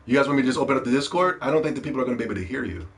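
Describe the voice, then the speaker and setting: Animated, profane gaming streamer man. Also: medium pitch, rapid-fire. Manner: animated, profane, playful shouting. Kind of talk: live stream rant.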